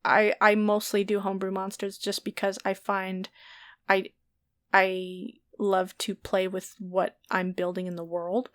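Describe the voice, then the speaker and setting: A woman's voice: mid-range voice, level tone, measured pace, dry recording. A woman on a podcast, chatting casually as a dungeon master, rambling and laughing often and swearing freely. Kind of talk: casual chat.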